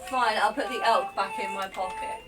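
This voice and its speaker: A woman playing a tabletop game, tossing in quick casual asides. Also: medium pitch. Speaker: player.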